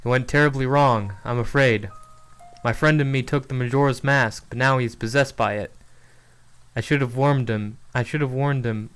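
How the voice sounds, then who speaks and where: A man voicing a weary, grieving young male explorer who speaks in a quiet, sleepy way. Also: medium pitch, fairly even intonation, normal speed, clear, resonant tone, close to an everyday voice. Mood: sorrowful.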